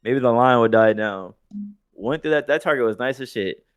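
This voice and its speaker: Here a podcast co-host with a mid-range, clean-toned voice tells a story at normal speed in casual chat, swearing freely and laughing often, captured in a dry recording.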